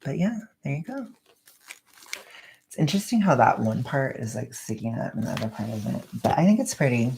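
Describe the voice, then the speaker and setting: A young woman vlogging at home, chatting casually and rambling in a soft-spoken way while she wraps gifts. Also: a bass voice, big pitch swings, moderate pace, vocal fry, noisy background.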